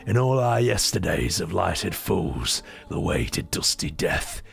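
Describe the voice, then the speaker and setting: A man voicing a rough, earthy medieval man, reciting in a gruff, slow, brooding way. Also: low-pitched, sing-song, faint music behind, pitched below the performer's own voice, exaggerated voice.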